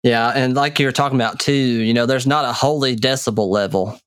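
A man co-hosting a casual talk, agreeing easily and then reading a long Bible passage aloud at a steady pace. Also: mid-range voice, brisk, smooth, dry recording, studio quality. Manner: easygoing, reads aloud steadily. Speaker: podcast co-host. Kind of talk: casual chat and scripture reading.

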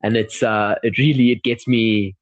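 A man's voice: lowish voice, fairly even intonation, moderate pace. A man co-hosting a podcast in casual chat, eager and gushing as he talks. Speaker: podcast co-host. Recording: dull, dry sound.

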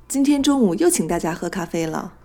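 Curious young office woman, read by a female teacher, lively questions, scripted lesson dialogue, mellow voice. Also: lowish voice, brisk, faint music behind.

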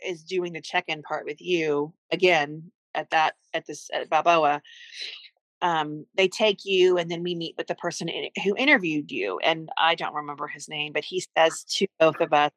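A woman's voice: low-pitched, normal speed, fairly bright tone, no room sound, rough recording. A middle-aged woman, a mother appearing as a podcast guest, recounting a family story in earnest, heartfelt conversation.

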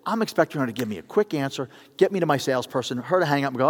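Middle-aged pastor in a reverberant church. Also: male voice, medium pitch, racing. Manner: animated, acts out phone voices, builds to appeals. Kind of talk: sermon with storytelling. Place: church sanctuary. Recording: long reverb of a church hall.

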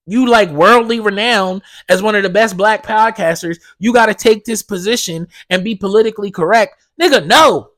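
Male podcast host with a high voice, casual and profane, jumping between heated outbursts and quiet muttered asides. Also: moderate pace, no echo. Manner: profane, animated storytelling that swings from loud indignation to low mumbling asides. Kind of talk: casual solo podcast rant.

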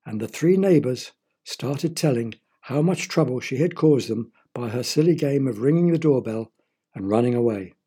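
A man reading a children's story aloud in a gentle, explanatory manner. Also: mid-range voice, expressive, moderate pace, breathy edge.

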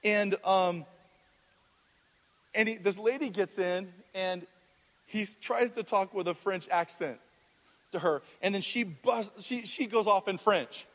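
Man, pastor, sermon, storytelling, asks the congregation questions, high pitch, long hall reverb. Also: a little slow, pauses often, fairly bright tone. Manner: storytelling with audience questions, frequent restarts.

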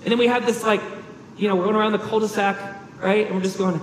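A man's voice: high voice, fairly even intonation, fast, roomy sound, in a large hall, a little hiss or hum, poor audio. A man preaching a sermon as a pastor, earnest and emphatic, with rhetorical questions.

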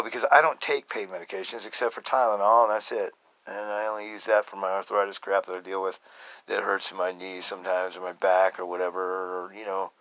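A man in his fifties telling a story as a podcast host, casual and excitable, swearing and laughing often. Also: on the low side, no echo. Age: 50s.

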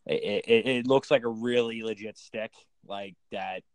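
A man co-hosting a casual podcast, easygoing and halting, with plenty of ums and restarts as he talks. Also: on the low side, fairly even intonation, dry recording. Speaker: podcast co-host.

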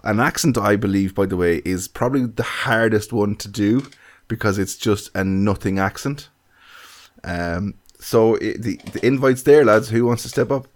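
A man's voice: on the low side, normal speed. A man from Ireland with an Irish accent, co-hosting a casual podcast chat and often restarting his phrases. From County Galway, Ireland. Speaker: podcast co-host.

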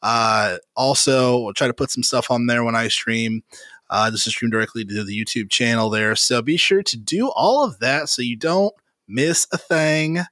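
A man's voice: medium pitch, moderate pace, sharp tone, dry recording. A man hosting a casual gaming podcast, rambling with lots of fillers and frequent laughter. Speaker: podcast host. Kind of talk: casual chat.

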